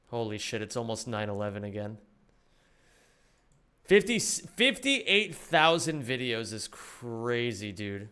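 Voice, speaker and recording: A man reacting on a live stream, animated and thinking aloud with casual swearing. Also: medium pitch, slow pace, clean tone.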